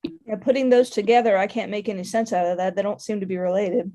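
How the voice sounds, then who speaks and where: Brief: calm woman player with a warm, low-key tone. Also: quick pace. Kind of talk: tabletop game play.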